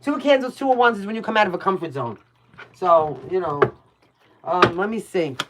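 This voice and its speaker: A woman's voice: fairly low pitch, lively intonation, fairly quick, noisy background. A woman with a New York accent giving casual, blunt tarot readings on a livestream, chatting with viewers by name and swearing freely. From Brooklyn, New York.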